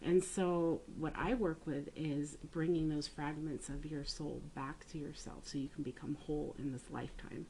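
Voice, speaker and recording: A woman who works as a spiritual healer, calmly explaining her work on a podcast. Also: sits low, moderate pace, gravelly, hardly any pauses, slight background noise, low-quality recording. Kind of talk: casual chat.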